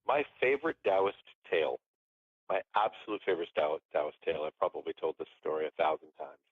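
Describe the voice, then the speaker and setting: A man's voice: very deep voice, lively intonation, a little fast, breathy edge, no room sound. A man telling a story as a podcast guest in a casual, rambling way, often restarting his phrases. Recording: tinny phone-line sound.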